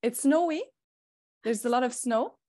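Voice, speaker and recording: A woman's voice: fairly high pitch, moderate pace, a little mellow. A woman from Quebec with a French Canadian accent, a native French speaker, talking in an enthusiastic, chatty way with many fillers on a podcast. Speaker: podcast host and guest. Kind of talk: casual podcast chat.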